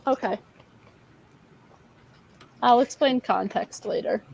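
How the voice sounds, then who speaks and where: A woman's voice: a little high, takes it slowly, creaky, darkish tone, a little hiss or hum, low-quality recording. A woman in her twenties co-hosting a casual livestream chat, rambling and candid, often losing her train of thought. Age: 20s. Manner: candid, self-deprecating. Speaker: livestream co-host.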